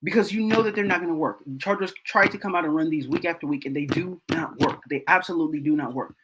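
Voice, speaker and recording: A man's voice: on the high side, quick pace, background noise. A man hosting a football film breakdown, talking casually and repeating himself in exasperation.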